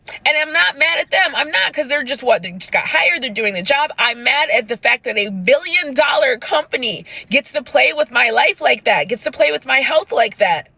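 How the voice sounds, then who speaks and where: A woman's voice: high voice, lively intonation, normal speed, creaky, bright, forceful tone, no echo. A woman crying while she angrily rants into her phone in a profane selfie video. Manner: angry profane rant.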